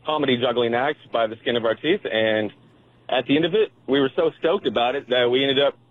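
A man's voice: medium pitch, brisk, dry recording. A man calling in to a radio show, telling his story in a laid-back way with lots of "uh" and "man". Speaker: caller. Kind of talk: radio call-in chat. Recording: tinny phone line.

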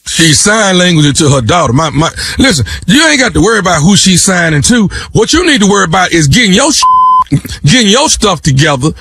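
Loud high-voiced man making a prank call. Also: very animated, a little fast, husky. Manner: loud, pushy, slangy. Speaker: radio prank caller and show regular. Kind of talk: prank phone call, mock-angry. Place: radio studio.

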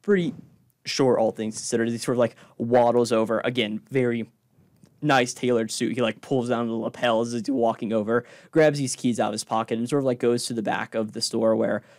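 A man's voice: medium pitch, steady tone, brisk, darkish tone, no room sound. Rambling male game master, dry mic. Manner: rambling, explains rules with many fillers. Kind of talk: narrating a tabletop game.

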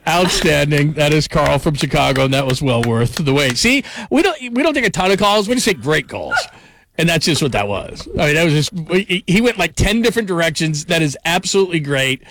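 Energetic sports talk host, slightly high voice. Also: male voice, brisk. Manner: energetic, enthusiastic, hyperbolic praise.

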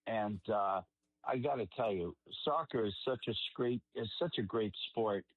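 A man with a Boston accent, a regular radio panelist, speaking in a halting, reflective way with plenty of fillers. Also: lowish voice, no echo. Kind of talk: phoned-in radio talk. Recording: tinny dry phone line.

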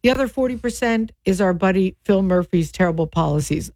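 A middle-aged woman co-hosts a radio talk show, talking in an animated, opinionated way. Her voice sits at an ordinary pitch. The studio sound is dry and close. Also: a little fast, no room sound. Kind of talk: casual radio chat. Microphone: studio microphone.

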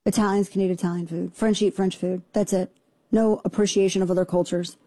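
A middle-aged woman hosts a talk radio show in a fast, sarcastic, indignant rant. Her voice sits low and sounds mellow and dark. The studio sound is close and dry. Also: little pitch movement, no echo. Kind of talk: opinionated talk radio monologue. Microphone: studio microphone.

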